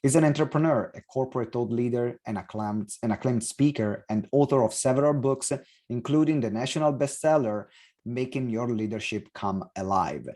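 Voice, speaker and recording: A man's voice: mid-range voice, dark tone. Italian-accented male podcast host. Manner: halting, frequent fillers. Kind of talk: podcast interview. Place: London.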